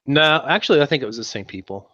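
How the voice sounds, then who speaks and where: A man's voice: medium pitch, lively intonation, quick pace, sharp tone, muffled recording. A man from West Virginia co-hosting a podcast, chatting in a wry, sarcastic way. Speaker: podcast co-host. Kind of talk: casual podcast banter.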